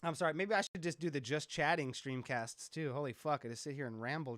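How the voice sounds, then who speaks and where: A man's voice: on the high side, a little fast, few pauses, fairly bright tone, dry recording, studio quality. A man who produces music, hosting a casual live stream, rambling, joking and swearing a lot. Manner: profane, rambling, joking with chat.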